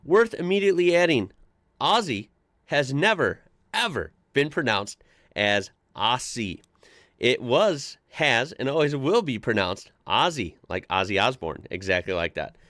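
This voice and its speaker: A man's voice: mid-range voice, big pitch swings, a little slow, fairly bright tone, dry recording, clean studio sound. An American man hosting a casual commentary show, chatty and amused as he reads posts aloud and adds his own asides. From United States. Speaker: host reacting to online posts.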